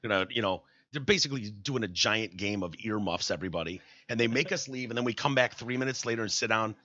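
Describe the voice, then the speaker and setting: A man co-hosting a casual comedy podcast, profane and animated, often slipping into mocking impressions. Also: fairly low pitch, quick pace, highs cut off. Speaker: podcast co-host.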